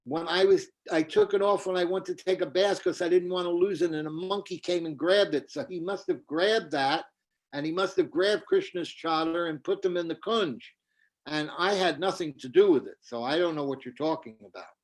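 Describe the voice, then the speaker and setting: A man's voice: on the high side, normal speed, pitched above the performer's own voice, natural voice. A man doing a flustered, stammering young woman. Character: young woman protesting her innocence. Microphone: video call.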